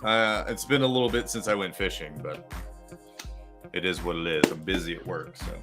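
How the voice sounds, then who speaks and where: A man chatting casually on a live stream, animated, swearing freely and laughing often. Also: deep voice, normal speed, soft background music. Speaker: co-host. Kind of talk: casual chat.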